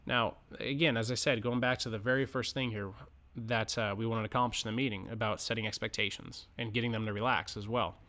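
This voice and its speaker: A man's voice: lowish voice, fairly even intonation, quick pace, pushed and bright. A man hosting a podcast, coaching financial advisors in a casual, conversational way, often stopping to act out sample lines to clients. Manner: conversational, many fillers and restarts, acts out sample client lines. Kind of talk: casual instructional podcast talk.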